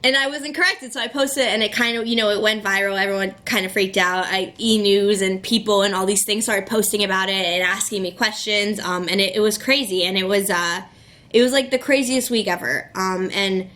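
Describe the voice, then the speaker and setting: A young woman tells a story to her camera in casual vlog style. She sounds chatty and excitable, and her speech is full of fillers. Her voice sits at a middle pitch. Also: brisk. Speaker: vlogger.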